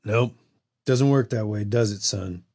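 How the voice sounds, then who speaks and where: A man voicing a gruff elderly gun store owner who talks bluntly and swears, in an audiobook. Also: fairly low pitch, a little slow, a little mellow. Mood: grim. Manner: blunt and profane.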